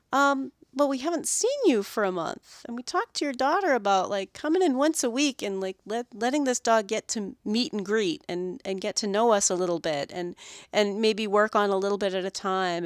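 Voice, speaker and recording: A woman hosting a podcast about dog grooming, telling animated stories about her week and acting out the owners and dogs. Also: mid-range voice, moderate pace, dry recording, studio quality. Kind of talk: solo podcast monologue.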